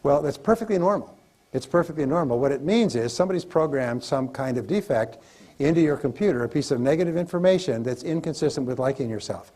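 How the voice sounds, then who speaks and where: Husky man giving an emphatic seminar talk. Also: on the high side, lively intonation, quick pace, a little mellow. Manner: emphatic, repetitive, coaching the audience. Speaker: motivational speaker. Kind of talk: live seminar lecture.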